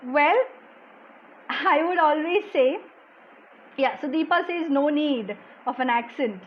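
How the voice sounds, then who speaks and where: Speaking slowly and quietly, an Indian language exam coach answers chat questions during a live online class, reading viewers' comments aloud and explaining as she goes. She says "okay" a lot in her soft voice. The recording is muffled, with a little hiss or hum.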